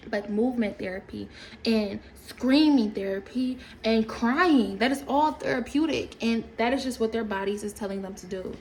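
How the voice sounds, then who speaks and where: A woman ranting casually to camera, animated and profane, rambling with laughs along the way. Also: a little high, normal speed, slight background noise, low-quality recording. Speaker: storytime creator.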